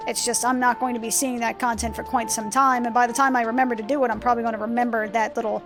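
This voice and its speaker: A woman's voice: on the high side, flat delivery, quick pace, music in the background. A woman casually commenting on a video game in an irreverent, joking, profane way, tired and with a sore throat. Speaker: let's play gamer.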